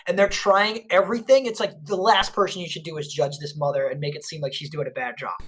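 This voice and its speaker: A man chatting casually on a podcast, telling his stories with lots of animation and acted-out voices. His voice is bright and a little tense. He swears freely along the way. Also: fairly high pitch, steady tone, quick pace, a little hiss or hum. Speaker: podcast co-host. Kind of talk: casual chat.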